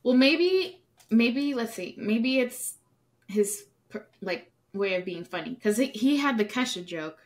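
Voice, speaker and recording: A woman's voice: a little high, lively intonation, measured pace. A woman co-hosting a podcast in casual chat, self-mocking and laughing often. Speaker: podcast co-host.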